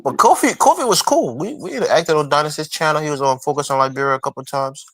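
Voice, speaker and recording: A man hosting a livestream, chatting casually with quick, joking reactions. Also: a little high, animated, fairly bright tone, no room sound. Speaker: livestream host. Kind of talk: casual chat.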